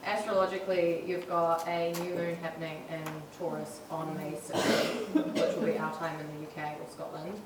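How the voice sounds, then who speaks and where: A woman's voice: on the low side, fairly even intonation, normal speed, few pauses. A woman working as camera person, explaining astrology to the group. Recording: echoey, far from mic, noise.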